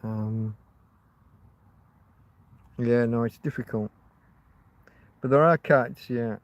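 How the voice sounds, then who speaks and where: A man's voice: medium pitch, takes it slowly, no room sound, muffled recording. A man hosting a casual livestream, rambling and chatting to his viewers with frequent restarts. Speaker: livestream host.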